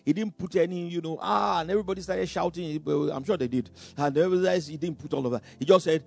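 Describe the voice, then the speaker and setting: A man preaching a sermon. He is dramatic, bursts out loudly, chuckles between phrases, and stumbles over repeated words. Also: on the high side, fast, gravelly, few pauses, faint music behind.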